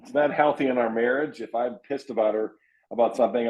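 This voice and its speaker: A man coaching real estate agents in an earnest, emphatic way, restarting his sentences often and acting out lines of client dialogue. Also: quick pace. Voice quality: low voice, frequent repeated restarts. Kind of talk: coaching talk. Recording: dull lo-fi audio.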